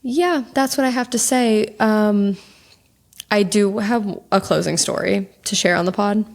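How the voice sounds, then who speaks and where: A woman's voice: medium pitch, fairly even intonation, a little slow. A young woman co-hosting a podcast, telling stories in casual chat with lots of fillers. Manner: chatty storyteller, lots of fillers. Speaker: podcast co-host.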